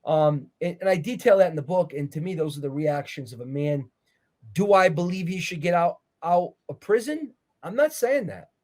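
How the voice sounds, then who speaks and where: Guy being interviewed, earnest and kinda preachy, voice sits a bit high. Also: animated, moderate pace, darkish tone. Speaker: interview guest, author. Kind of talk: conversational interview.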